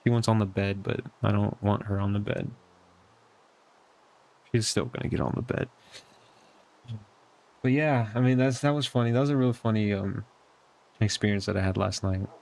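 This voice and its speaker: An earnest young man talks through a personal update in a fairly low voice. He rambles and reflects, leaning on loose fillers as he thinks aloud from his bedroom at home. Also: moderate pace, creaky, pauses often, darkish tone. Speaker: vlogger.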